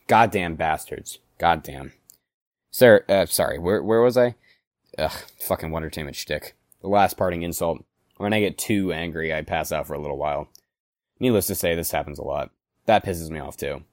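A man's voice: deep voice, darkish tone, no echo, studio quality, natural voice. A man voicing a foul-mouthed, furious sewn-together toy man in a dramatic reading, cursing and seething. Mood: bitter. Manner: swearing, seething, bursts of rage.

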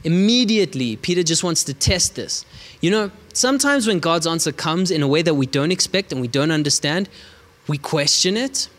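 Guy preaching a sermon, kinda high voice, leans hard on words, long reverb. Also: expressive, fairly bright tone. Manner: emphatic, stretches words slowly for emphasis; asks rhetorical questions.

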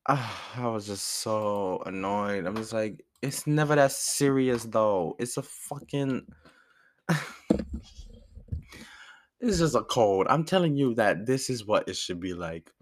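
A young man with a lowish voice takes his time ranting casually about something that annoyed him. He swears and acts out both sides of an argument, quoting the lines each person said.

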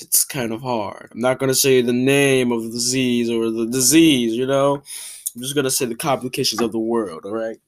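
A young woman hosting a podcast, ranting casually in an exasperated, animated way, full of restarts and fillers. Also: very deep voice. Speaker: podcast host.

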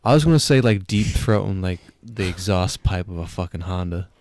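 A man's voice: deep voice, expressive, a little fast, darkish tone. A man co-hosting a podcast in casual chat, crude and joking, swearing a lot. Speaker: podcast co-host.

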